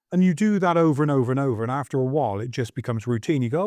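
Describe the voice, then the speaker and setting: A man's voice: medium pitch, expressive, quick pace, hardly any pauses, dark tone, dry recording. A man chats loosely, wandering through his point and acting out small scenes from daily life. He pokes fun at himself as he goes. The recording is dry and close. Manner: rambling, self-deprecating, acts out little quoted scenes. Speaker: podcast co-host, artist. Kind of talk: casual chat.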